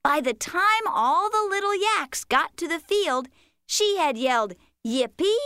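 A woman's voice: very high-pitched, animated, measured pace, bright, forceful tone, no echo, studio quality, heavily acted. A woman voicing a patient, playful cartoon critter who tells a bedtime story in a sing-song, coaxing manner. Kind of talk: children's cartoon voice acting.

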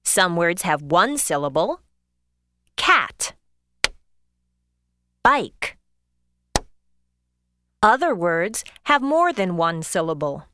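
A woman narrating a scripted lesson as a teacher, clear and instructive, stressing example words. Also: lowish voice, very animated, drawn-out words, long pauses, bright, forceful tone, no room sound, studio quality.

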